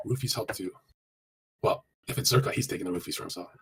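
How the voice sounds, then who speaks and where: A fairly low, slightly bright male voice with a touch of background noise. He's on a live stream handing out casual dating advice, blunt and crude, swearing a lot as he answers chat. His delivery is rapid and run-on, packed with fillers.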